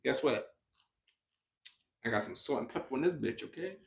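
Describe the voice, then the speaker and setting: A man's voice: mid-range voice, expressive, normal speed, gravelly, breathy edge. A man hosting a casual livestreamed podcast, rambling and emphatic, with slangy, profane talk and frequent restarts. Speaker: podcast host.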